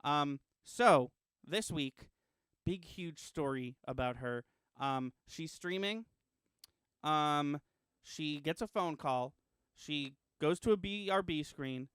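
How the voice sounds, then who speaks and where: A man with a smooth, clear, slightly high voice, recorded dry and close. He co-hosts a casual podcast and tells stories in an animated way, stumbling through ums and restarts. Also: takes it slowly, no echo. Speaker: podcast co-host.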